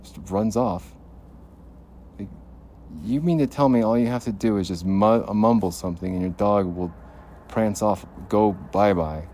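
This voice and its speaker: A man's voice: fairly low pitch, a little slow, dark tone, a little hiss or hum. A man recording a rambling podcast monologue on his phone in an outdoor parking lot at night, muttering and talking to himself in a paranoid way. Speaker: podcast host.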